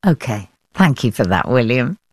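Woman, arts radio host; low, very animated delivery, dry studio sound. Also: normal speed, no echo. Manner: animated, questioning, laughs easily. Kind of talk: broadcast presenting and interviewing.

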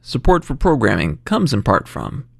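Gravelly-voiced man, local radio announcer. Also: medium pitch, wildly swooping pitch, normal speed, no room sound. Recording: dry studio with faint music bed.

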